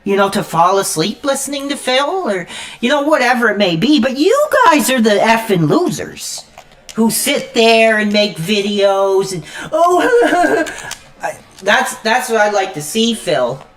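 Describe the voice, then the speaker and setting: A woman's voice: medium pitch, sing-song, unhurried. A woman live streamer in an angry, profane rant while gaming, stammering and cursing constantly. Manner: repeats "frickin'" constantly.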